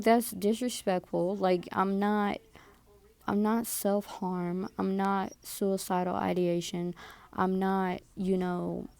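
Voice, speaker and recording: A woman's voice: medium pitch, gravelly, darkish tone. A woman in her twenties telling a story to camera, indignant and repetitive, often adding "like" and "okay?". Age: 20s. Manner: indignant, repeats herself with "like" and "okay?". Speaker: vlogger.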